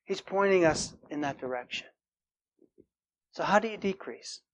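A man's voice: high voice, lively intonation, normal speed. A male preacher delivering a sermon in a loose, conversational way. He keeps checking in with his listeners with "right?" and shifts into an earnest tone when he quotes scripture.

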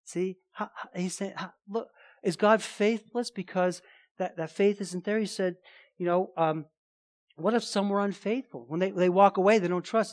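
A man preaching a sermon as pastor, emphatic, with rhetorical questions and casual asides. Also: sits high.

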